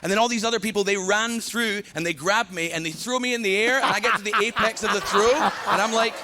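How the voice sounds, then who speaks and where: A man with a Scottish accent from Scotland doing an animated stand-up set, telling stories with punchy asides to the crowd. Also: high voice, quick pace, few pauses. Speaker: stand-up comedian. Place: large TV studio stage before a live audience. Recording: loud audience laughter, noisy stage.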